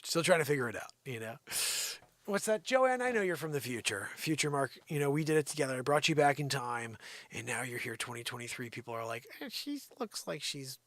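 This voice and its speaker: A man hosting a live comedy stream, rambling and teasing an unseen sidekick with a steady stream of "you know.". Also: mid-range voice, brisk, no echo. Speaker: livestream comedy host. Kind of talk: improvised comedic rant.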